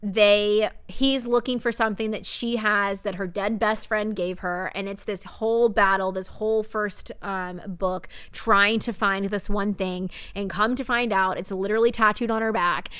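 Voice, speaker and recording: On a podcast, a young woman co-host chats about books in a smooth, medium-pitched voice at a moderate pace with few pauses. She's animated throughout, leaning on fillers and quoting things back.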